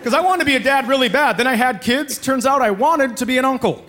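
A middle-aged man doing a stand-up comedy set on a club stage, trading deadpan insults with sudden shouted bursts. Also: very high voice, fast talker. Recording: live club recording, loud laughing crowd. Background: audience laughter and noise.

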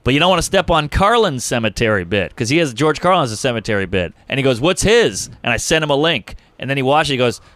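A man's voice: mid-range voice, fast talker, few pauses, no echo. A man who works as a stand-up comedian, telling stories in casual podcast talk, acting out other people's voices and swearing freely. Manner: animated, acts out other people's voices, profane.

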